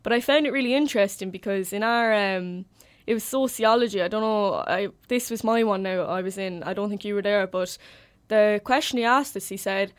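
A young woman with a Carlow Irish accent, hosting a student radio chat and telling stories with lively quoted voices. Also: medium pitch, a little fast. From Carlow, Ireland. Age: young adult. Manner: chatty storyteller, animated quoting. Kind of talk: casual chat.

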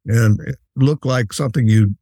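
An actor playing a jolly, patient old Santa Claus, telling unhurried, fatherly anecdotes with many fillers in an interview. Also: medium pitch, dark tone, dry recording, natural voice. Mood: gentle. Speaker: interview guest. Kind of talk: in-character storytelling interview.

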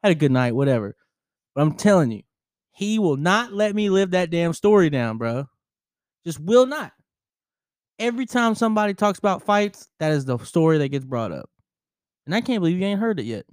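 A man's voice: high-pitched, very animated, moderate pace, long pauses, no room sound. A man co-hosting a casual podcast, telling a story with laughs and lots of swearing, on a close microphone. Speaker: podcast co-host. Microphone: close studio microphone.

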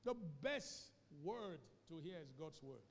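High-voiced Nigerian pastor preaching. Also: male voice, very animated, takes it slowly, long reverb tail. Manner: call-and-response, emphatic repetition. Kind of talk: sermon. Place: church sanctuary.

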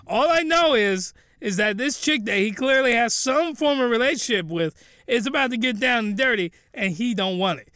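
A man with a very high, bright voice, rambling through a comedic anime recap and getting loudly incredulous. The recording is dry and close, with no room sound. He jokes constantly and digresses. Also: animated, moderate pace, clean tone, no echo. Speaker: anime reviewer.

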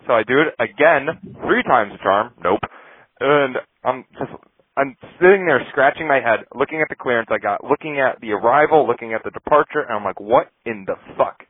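A man's voice: medium pitch, expressive, a little fast, breathy edge, dry recording, phone-quality sound. A man co-hosting a podcast, telling profane, laughing stories about flying. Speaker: podcast co-host and pilot. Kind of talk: casual storytelling chat.

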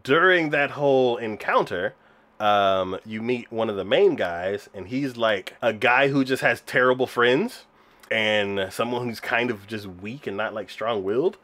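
A man in relaxed chat, retelling scenes with a lively, swinging pitch. He laughs often and fills his pauses with "um" and "like.". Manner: animated, laughs often, many fillers like "um" and "like". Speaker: podcast co-host reviewing anime. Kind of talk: casual chat.

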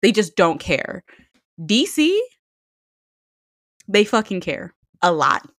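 A woman's voice: medium pitch, big pitch swings, slow, fairly bright tone, no echo, clean studio sound. A young woman co-hosting a casual podcast chat, telling blunt, profane stories and acting out what people said. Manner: blunt, profane storytelling with acted-out quotes.

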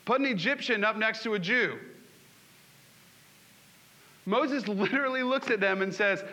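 A man's voice: sits high, a little slow, long pauses, pushed and bright. A man preaching a sermon, asking the congregation questions and acting out scripture scenes. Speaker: pastor.

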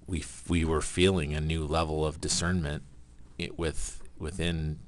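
Brief: deep-voiced male co-host, animated, acts out the dialogue as he talks. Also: normal speed. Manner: animated storyteller who acts out quotes and laughs. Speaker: podcast co-host. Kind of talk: casual faith podcast storytelling.

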